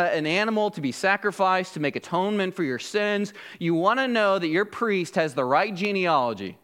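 A man's voice: high-pitched, a bit bright. A man, a pastor, preaching a sermon and explaining scripture, often checking in with rhetorical questions.

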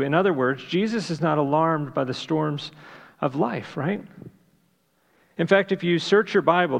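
A male pastor preaching with a slightly raised pitch and a gravelly edge to his voice. He speaks emphatically, asking the congregation rhetorical questions and repeating his main points. His voice rings out in the long reverb of a large church hall. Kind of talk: sermon.

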